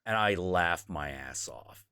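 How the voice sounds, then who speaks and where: A man hosting a casual stream, telling a story in a rambling, profane, animated way. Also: low-pitched, slow pace, clean tone, dry recording, studio quality. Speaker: host.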